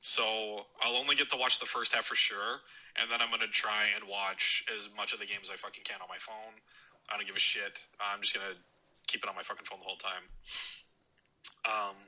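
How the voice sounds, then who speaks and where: A man's voice: fairly low pitch, steady tone, a little fast, sharp tone, low-quality recording. A man leaving a voicemail, ranting about football and swearing constantly in a mocking, heated tone. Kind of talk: profane fan rant.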